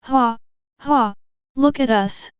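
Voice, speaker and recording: A woman's voice: sits high, slow pace, smooth, no echo. A woman reading as Ha, an earnest little man. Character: little man laughing at his own fear.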